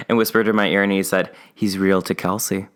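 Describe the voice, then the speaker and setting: A young man co-hosting a podcast, telling a personal story in casual chat and acting out his family's lines. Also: normal speed. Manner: animated storyteller who acts out family members' lines in a high, wavering voice. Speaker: podcast co-host.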